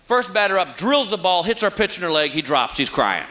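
A man's voice: high-pitched, fairly quick. A man doing stand-up comedy, telling stories animatedly and acting out the characters. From Texas. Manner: animated storytelling, acts out characters. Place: stage before a live audience. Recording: live show with audience laughter. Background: audience laughter and noise.

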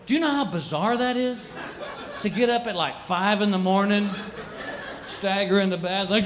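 A man doing stand-up comedy with punchy, animated storytelling. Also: high voice, moderate pace, background noise.

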